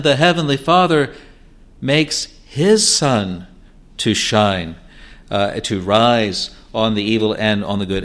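A man preaching a sermon, measured and emphatic, often repeating words and phrases. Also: mid-range voice, a bit bright. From New Zealand.

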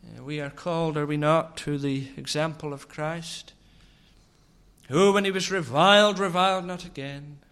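A man preaching a sermon, asking slow, searching rhetorical questions. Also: a little high, steady tone, fairly bright tone, clean tone.

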